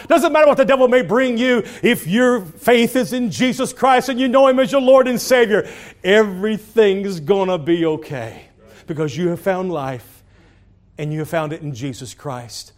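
A man preaching a sermon, telling a story dramatically and swinging from hushed tones to loud calls. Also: high voice. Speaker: pastor.

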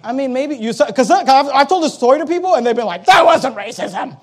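A man in his thirties, a pastor telling a personal story in a sermon, acting out the people in it with lively quoted lines. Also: very high voice, fast. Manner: animated anecdote with quoted voices.

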